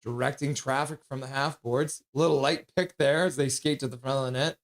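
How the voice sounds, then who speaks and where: A man streaming live hockey play-by-play, excitable and blunt, chatting casually with his viewers between plays. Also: medium pitch, brisk. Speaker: streamer doing fan play-by-play.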